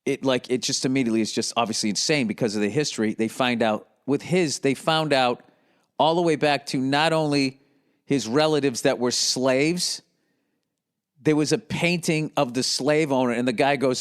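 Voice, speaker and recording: A man's voice: mid-range voice, moderate pace, clear, resonant tone. Profane, rambling male podcast host. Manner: profane, rambling, slips into mocking voices. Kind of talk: rambling solo podcast monologue.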